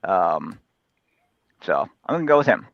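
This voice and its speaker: Low-voiced man on a dull lo-fi mic. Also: sing-song, measured pace, creaky, no room sound. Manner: hesitant, full of likes and restarts. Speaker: podcast panelist. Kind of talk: casual movie review chat.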